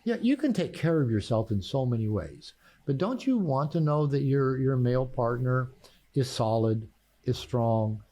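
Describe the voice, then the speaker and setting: An older man at a middle pitch speaks with a lively, rising and falling delivery. He tells personal stories conversationally, often restarting and repeating words, and chuckles at his own punchlines. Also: moderate pace. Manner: animated storyteller, laughs at his own punchlines. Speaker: therapist and author, guest. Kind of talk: conversational podcast storytelling.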